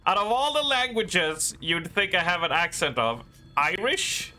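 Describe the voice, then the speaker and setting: A man with a Swedish accent, a gaming streamer chatting casually on stream in a rambling, self-deprecating way with halting restarts. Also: sits high, sing-song, pushed and bright, faint music behind. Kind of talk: casual live-stream chat.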